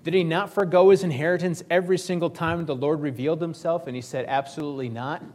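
A male pastor delivering a sermon in a loose, conversational way, joking with the congregation as he retells the story. His voice sits somewhat high for a man. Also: fairly even intonation, fast talker, a little mellow.

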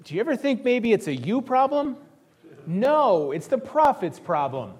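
A man's voice: extremely high pitch, big pitch swings, measured pace, a little mellow, husky. A man preaching a sermon, retelling a scripture story with wry sarcasm and acting out the characters' lines.

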